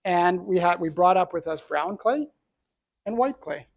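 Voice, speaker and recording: Speaking animatedly and without hurry, a middle-aged Canadian man shares his personal story as an entrepreneur, earnest and reflective throughout. His slightly high voice carries a gravelly, creaky edge.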